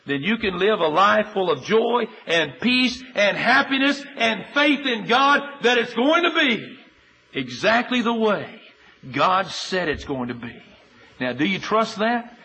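A man preaching a sermon, earnest and emphatic, moving between loud urging and quiet appeal and citing chapter and verse in steady lists. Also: high-pitched, rough recording.

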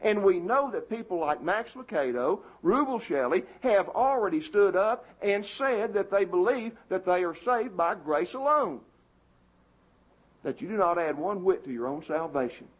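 Indignant preaching man, husky high voice. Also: animated, moderate pace, dull audio. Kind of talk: sermon.

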